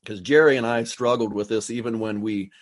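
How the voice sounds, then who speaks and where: A man's voice: lowish voice, steady tone, a little fast. Man preaching through scripture. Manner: expository preaching with frequent restarts and paraphrased quotes. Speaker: pastor. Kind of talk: sermon.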